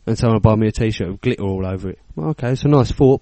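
Speaking on the low side and racing along with few pauses, a thirty-something British podcast co-host laughs through an amusing story. His tone is warm, the recording dry, and he swears freely while performing the quotes of the people involved.

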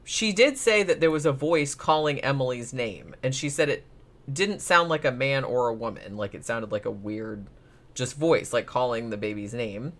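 A man's voice: mid-range voice, expressive, moderate pace, a bit bright. A man casually recapping a paranormal case as a podcast co-host, rambling, swearing freely and laughing often. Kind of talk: casual chat.

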